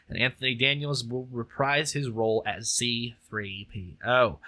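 A man's voice: mid-range voice, moderate pace, hardly any pauses, pushed and bright. A young man co-hosting a podcast, reading entertainment news aloud with stumbles and joking asides. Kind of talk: casual news read and chat.

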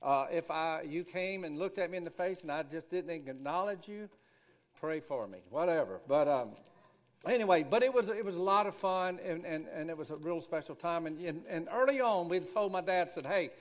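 A middle-aged man talks like a minister sharing a homespun story. He rambles and restarts often in a relaxed, folksy way, and his voice sits a little higher than most men's. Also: normal speed.

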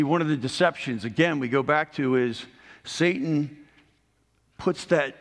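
Earnest middle-aged male preacher, echoing hall. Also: medium pitch. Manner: earnest preaching, rising emphasis on key points. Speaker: pastor. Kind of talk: sermon. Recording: long hall reverb.

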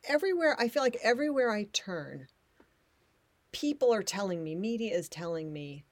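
A middle-aged woman from the United States hosting a podcast with her husband, upbeat and quick to laugh. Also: mid-range voice, no echo. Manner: animated, upbeat, laughs easily. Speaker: podcast host. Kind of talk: casual chat with a scripted intro.

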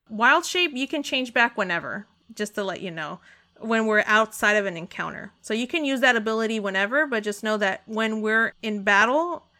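A woman narrating as dungeon master in an upbeat, quick manner, explaining rules as she goes. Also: medium pitch, sharp tone. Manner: upbeat, quick, laughs often. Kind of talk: narrating and explaining a tabletop game.

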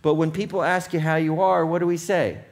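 Pastor with a higher man's voice. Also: level tone, brisk. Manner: conversational, checks in with the audience often. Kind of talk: sermon.

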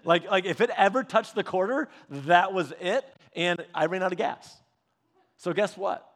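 A man's voice: high-pitched, normal speed, fairly bright tone. A man in his thirties preaching, telling rambling personal stories in a casual, chatty way with frequent restarts. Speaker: pastor.

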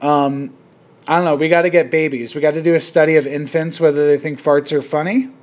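A man's voice: a little high, fairly even intonation, brisk, a little mellow. A man hosting a casual podcast chat, rambling with many restarts and frequent laughter. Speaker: podcast host.

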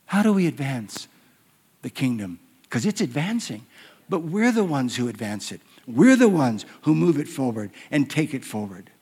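A man preaching a sermon, telling stories that swing from hushed near-whispers to loud, emphatic declarations. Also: medium pitch, very animated, normal speed, breathy edge. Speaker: pastor. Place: church hall. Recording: long hall reverb.

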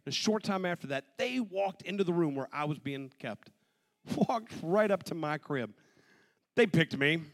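Speaking at a normal speed with a fairly high voice, this man in his forties shares his personal testimony. He brings the tale to life by performing the voices of its characters.

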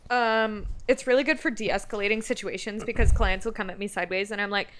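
A woman's voice: medium pitch, fairly even intonation, a little fast, fairly bright tone, slight background noise, poor audio. A woman guest on a podcast, chatting in a playful, self-mocking way. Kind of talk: casual chat.

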